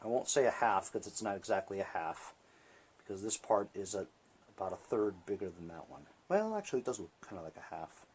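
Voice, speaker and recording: A man's voice: deep voice, lively intonation, a little fast, a little mellow, slightly rough. A man casually talking viewers through a lawn tractor engine repair while he works, chatting to them as he goes. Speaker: small-engine repair vlogger. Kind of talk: casual hands-on repair demonstration.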